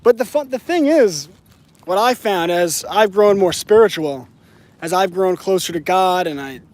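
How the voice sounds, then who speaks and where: A high-voiced man delivers a preachy vlog monologue outdoors as he walks his dog. He repeats himself often and keeps checking in with "right?". The sound is a casual phone recording out on the street. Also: expressive, moderate pace, a little mellow, dry recording. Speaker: channel host. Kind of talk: casual talk to camera while walking the dog.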